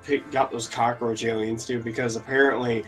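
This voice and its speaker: A man's voice: normal speed, soft background music, rough recording. A man with an American accent chatting casually and jokily while streaming a strategy game. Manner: animated, rambling, jokey, jumps to high squeaky exclamations. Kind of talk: casual chat while gaming.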